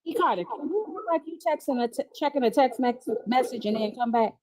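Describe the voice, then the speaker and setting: A pointed woman with a fairly high voice. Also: animated, brisk, dark tone, no room sound. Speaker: panelist. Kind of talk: casual live-stream debate.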